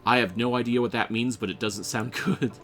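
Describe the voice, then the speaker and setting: A man's voice: medium pitch, steady tone, a little fast, a bit bright, faint music behind. A man casually playing through a game, reading its text aloud and chatting, often tripping over words. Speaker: game player.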